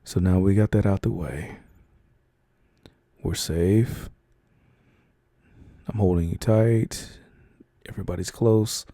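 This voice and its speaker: Young guy doing a whispered role-play boyfriend thing, low gravelly voice, super slow and gentle, lots of ums. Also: fairly even intonation, no echo, studio quality. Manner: soft, slow and reassuring, with hesitant fillers.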